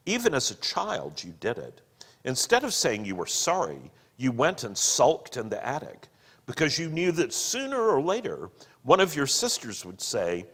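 Man doing a soft heavenly lady, pleading, slow and earnest, big echoey hall. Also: mid-range voice, breathy edge, pitched above the performer's own voice, exaggerated voice. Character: gentle, radiant heavenly woman pleading with her husband. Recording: long hall reverb.

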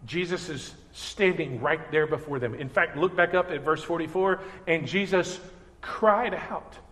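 Man, pastor, earnest sermon, high voice, long hall reverb. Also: unhurried, pushed and bright. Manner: earnest preaching, acts out everyday voices.

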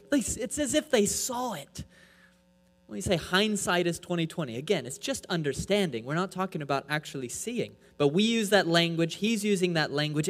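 A man preaching a sermon from the pulpit, pressing his point with rhetorical questions and swinging between loud and soft. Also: fairly high pitch. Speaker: pastor. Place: church. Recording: echoey hall with mains hum.

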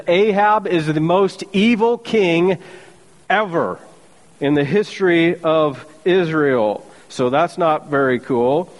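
A pastor preaches to his church, retelling the story with sarcastic humor and acting out each voice. His voice sits a little high for a man. The sound rings with the long reverb of a large sanctuary. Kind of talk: sermon.

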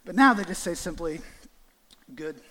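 A man preaching a sermon and acting out a lively illustration with volunteers on stage, calling out playful greetings. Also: high-pitched, normal speed, big-room sound. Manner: animated, acts out greetings with volunteers. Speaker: guest preacher. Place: church sanctuary.

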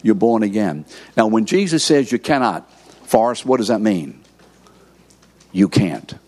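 A middle-aged man preaching, teaching in a deliberate way and prompting the audience to fill in words. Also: lowish voice, lively intonation, darkish tone. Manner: slow, deliberate emphasis. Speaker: pastor teaching a course session. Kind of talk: sermon.

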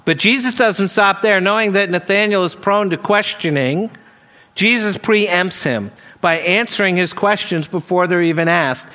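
Man, high voice, sermon, earnest Bible teaching, reads verses aloud, conversational asides. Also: moderate pace, pushed and bright. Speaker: preacher.

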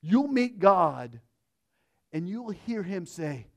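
A pastor preaching a sermon, earnest, dropping to hushed phrases and rising to emphatic ones. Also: male voice, high-pitched, animated, moderate pace.

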